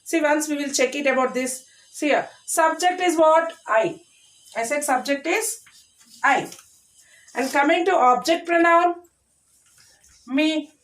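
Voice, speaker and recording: A woman's voice: high voice, a little slow, pauses often, fairly bright tone, far from the mic. A woman teaching a grammar lesson to young children, repeating key phrases and answering her own questions. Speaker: primary school English teacher.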